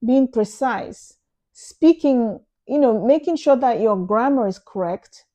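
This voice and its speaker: A woman's voice: a little high, mellow. A woman giving casual advice to her viewers in an earnest, emphatic way, repeating phrases for stress. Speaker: vlogger. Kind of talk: casual advice talk to camera.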